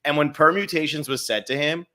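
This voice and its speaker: A man co-hosting a casual reality show recap, animated and laughing often. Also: on the high side, brisk. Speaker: podcast co-host. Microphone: video call.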